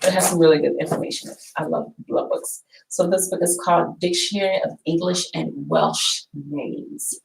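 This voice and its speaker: A woman talks casually in a college library, chatty and rambling, often repeating herself. Her voice sits a little low and has a gravelly edge. A faint hiss runs under the recording. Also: steady tone, moderate pace, hardly any pauses, low-quality recording. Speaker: vlogger. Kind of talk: casual talk showing books.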